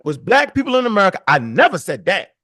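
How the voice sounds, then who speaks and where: A man's voice: high voice, very animated, quick pace, sharp tone, no echo, clean studio sound. A man co-hosting a podcast, arguing emphatically in casual chat and ending lines with "yo". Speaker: podcast co-host. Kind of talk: heated casual debate.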